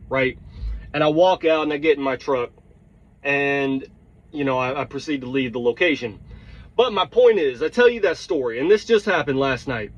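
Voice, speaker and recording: A man tells a heated, blunt story, his voice sitting a bit higher than most. He swears freely and keeps checking in with his listeners. The recording is dull and lo-fi. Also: normal speed. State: tired. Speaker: truck driver. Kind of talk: storytelling vlog rant.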